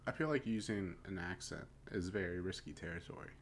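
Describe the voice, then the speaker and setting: Low-voiced young man, dry teasing. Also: brisk. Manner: dry, teasing back-and-forth. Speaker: podcast co-host. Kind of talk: casual chat. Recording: faint background noise.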